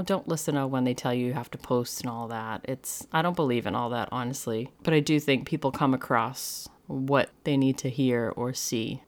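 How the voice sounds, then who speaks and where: A woman hosting her own podcast in a casual, rambling monologue, often saying "like". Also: rumbling low. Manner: chatty and rambling, heavy use of "like". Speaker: podcast host and medium.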